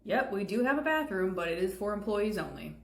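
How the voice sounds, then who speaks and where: A woman's voice: mid-range voice, sing-song, fairly quick, gravelly, roomy sound, slight background noise. A woman playing a store worker in a comedy skit, talking in a firm, exasperated, matter-of-fact way.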